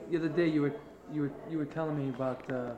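Quick-talking man asking prompting questions. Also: a little high, fairly even intonation, highs cut off. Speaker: interviewer. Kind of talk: casual interview questions. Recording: crowd chatter behind.

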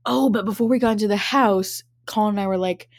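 A young woman in her twenties hosts a podcast and tells a long, rambling story, swearing freely and laughing along the way. Her voice sits at a middle pitch. It is recorded close on the mic in a dry space with no room echo. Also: fast. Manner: profane, rambling, laughs often. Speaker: podcast host. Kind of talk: casual storytelling chat.

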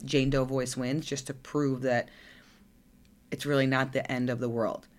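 A woman coach talking casually on her solo podcast, blunt and chatty, swearing freely and tagging thoughts with "right?". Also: a bass voice. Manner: says "right?" a lot. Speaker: fitness and nutrition coach.

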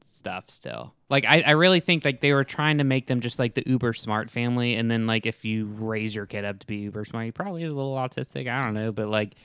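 A man's voice: medium pitch, fast talker, few pauses, fairly bright tone, smooth, dry recording. A man co-hosting a podcast, giving dry, matter-of-fact takes on a film. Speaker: podcast co-host. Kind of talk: casual movie review chat.

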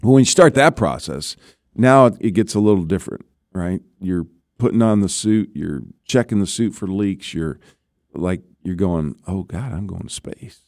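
In an interview, a former astronaut tells stories conversationally, often checking in with the listener by asking "right?". His low voice is animated and a little mellow at normal speed. The recording is clean studio sound with no room sound.

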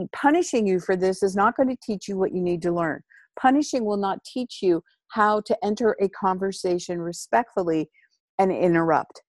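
A woman's voice: medium pitch, a little mellow, no echo, clean studio sound. Emphatic woman explaining parenting ideas. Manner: emphatic, instructive, repeats key phrases. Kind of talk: podcast conversation.

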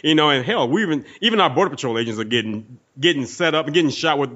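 A man's voice: fairly high pitch, expressive, fast talker, a bit bright. A man from Texas ranting bluntly in casual chat. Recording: dull lo-fi sound.

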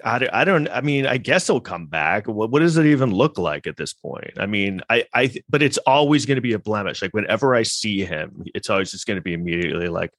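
A man reacts to clips in a loose, rambling commentary, sarcastic and mocking, with frequent swearing. His voice sits fairly low, and the recording is dry and close. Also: animated, a little fast, few pauses, a bit bright, no echo. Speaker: podcast host.

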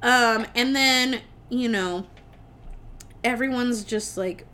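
A young woman with a slightly high voice tells a film's plot to her co-host in an animated, rambling way. She leans on "like" and casual swearing as the story builds. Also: slow. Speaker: podcast co-host. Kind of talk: casual film recap.

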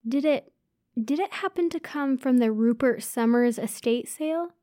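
A woman's voice: sits high, moderate pace, warm tone, no echo, studio quality, close to an everyday voice. A woman voicing a shy, polite young man who talks cautiously.

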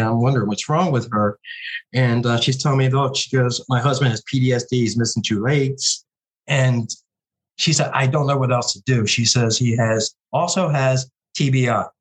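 A man's voice: medium pitch, rough recording. Guy who runs a veterans charity telling a story, keeps doing the voices of people he talked to. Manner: animated, quotes callers in a raised voice. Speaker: founder of a veterans' charity fund. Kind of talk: conversational storytelling.

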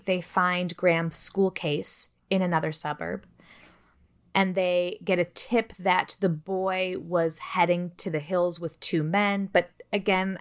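A woman co-hosting a podcast, telling a true-crime story in a casual, chatty way, cursing freely and dropping joking asides. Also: lowish voice. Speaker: podcast co-host.

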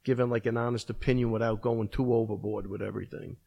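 A man's voice: medium pitch, little pitch movement, fast, vocal fry, mellow, lo-fi sound. A middle-aged man who runs a martial arts school, telling stories in a casual, rambling way full of fillers. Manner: rambling storyteller, many fillers. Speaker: martial arts gym owner. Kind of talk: casual podcast chat.

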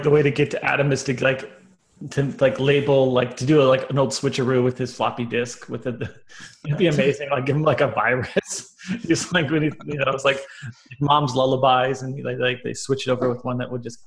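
A man on a podcast panel, talking casually in a halting, rambling way full of fillers. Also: mid-range voice. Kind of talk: casual chat. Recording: roomy echoey mic.

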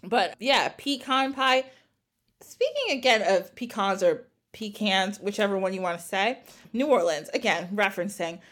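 A woman's voice: medium pitch, sing-song, normal speed, a bit bright. A woman from the North Jersey area hosting a podcast, chatting casually and laughing often as she tells stories. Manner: giggly, chatty storyteller. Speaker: podcast host. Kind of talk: casual chat.

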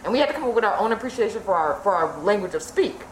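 A woman co-hosts a podcast in casual conversation, speaking emphatically, repeating her points, and swearing now and then. Her mid-range voice races along with big pitch swings. The room is echoey, with faint background noise.

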